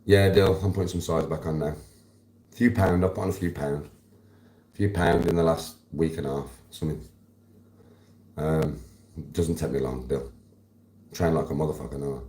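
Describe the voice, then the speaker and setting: With a steady, slightly mellow bass voice at a moderate pace, the young man from Birmingham pauses often while going through his stream chat. He replies to viewers by name, casual and slangy, in a reverberant space.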